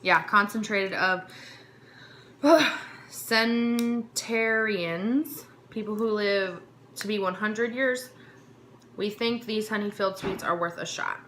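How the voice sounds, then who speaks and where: Casting: a bright, clear-toned woman snack vlogger who reads product blurbs aloud and trips over words. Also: mid-range voice, slow, a little hiss or hum. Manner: stumbles over words while reading, talks with mouth full. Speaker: vlogger reviewing a snack box. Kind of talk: casual chat, reading card text aloud.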